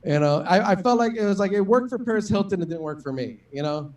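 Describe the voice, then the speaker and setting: A man's voice: sits high, expressive, fast talker, darkish tone, far from the mic. A man doing a stand-up comedy set, rambling and profane, full of fillers and self-deprecating jokes. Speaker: stand-up comic.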